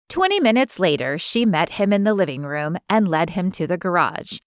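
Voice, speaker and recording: A woman reading romance fiction aloud as an audiobook narrator in an even, smooth storytelling manner. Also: fairly low pitch, moderate pace, few pauses, dry recording, studio quality. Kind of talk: scripted narration.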